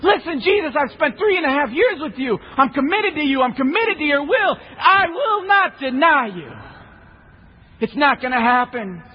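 A man acting out a bold, loyal disciple who loudly swears he will stay faithful. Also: extremely high pitch, very animated, normal speed, pitched above the performer's own voice. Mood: defiant. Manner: shouting protest. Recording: echoey hall, slightly muffled.

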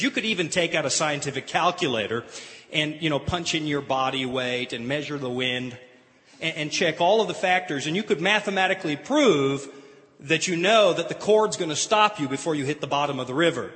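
A man preaching as a pastor, with a somewhat high voice and lively emphasis that builds on key words. His voice carries a long reverb from a large hall. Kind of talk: sermon.

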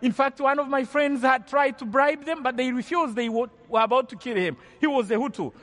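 A man's voice: very high-pitched, brisk, a bit bright. A man from Rwanda giving an earnest testimony as a preacher, often repeating and restarting his phrases. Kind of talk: storytelling sermon testimony. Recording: long hall reverb.

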